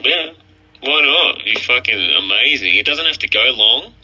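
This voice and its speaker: A man's voice: medium pitch, expressive, normal speed, pushed and bright. A man chatting crudely as a podcast guest, often stammering and restarting. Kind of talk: casual podcast chat. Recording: lo-fi muffled mic.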